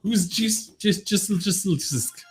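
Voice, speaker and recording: This Irish-accented quiz co-host speaks slowly in a high voice, with faint music behind him. He jokes with his partner and flags upcoming events during the casual live online stream.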